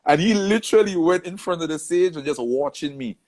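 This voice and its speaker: A man's voice: sits high, fairly quick. A man telling a long story in a casual interview and acting out the voices of the people in it. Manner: animated storyteller, acts out quoted voices. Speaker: soca artist, interview guest.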